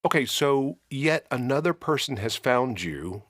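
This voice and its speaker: A man's voice: mid-range voice, expressive, unhurried, fairly bright tone, dry recording, studio quality. A man hosting a podcast, asking playful, teasing questions and recapping the story. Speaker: podcast host. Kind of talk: interview host, casual chat.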